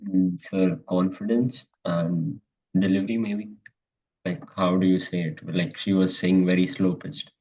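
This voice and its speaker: Deep dark voice guy, unsure, looking for words, dull far-off call sound. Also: steady tone, a little slow. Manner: hesitant, searching for words. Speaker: student. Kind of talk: peer feedback.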